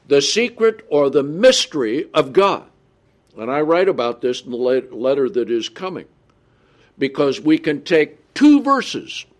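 A man preaching a Bible study sermon, reading scripture aloud slowly and adding his own comments. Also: medium pitch, darkish tone. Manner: often checks in with the listeners.

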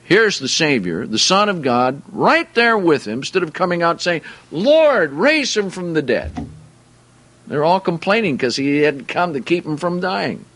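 A man's voice: on the high side, very animated, moderate pace, few pauses, bright, forceful tone. A man preaching a Bible-teaching sermon, reading scripture aloud and then explaining it in plain, conversational terms.

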